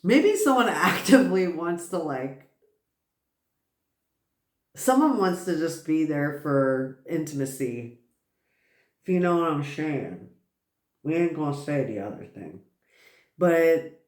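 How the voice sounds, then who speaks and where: A woman's voice: deep voice, roomy sound. A woman giving a casual tarot reading, rambling and swearing, who keeps bursting out laughing. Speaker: tarot reader.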